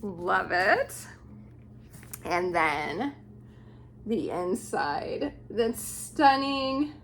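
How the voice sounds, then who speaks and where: A woman vlogger showing off a book haul, gushing and unhurried as she admires each book aloud. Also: medium pitch, very animated, a bit bright, a little hiss or hum. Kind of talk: casual book haul show-and-tell.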